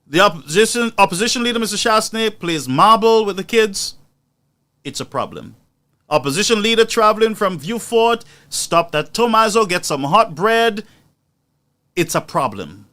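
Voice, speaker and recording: A man's voice: sits high, expressive, moderate pace, pushed and bright. A man delivering indignant, mocking political commentary as a news show host.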